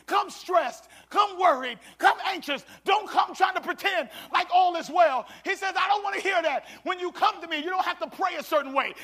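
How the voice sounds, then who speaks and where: A pastor preaching with a very high, bright, ringing voice. He swings from loud shouted exhortations down to low, hushed asides and keeps calling out to his congregation. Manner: preaching with call-and-response, swinging between shouts and hushed tones. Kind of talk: sermon.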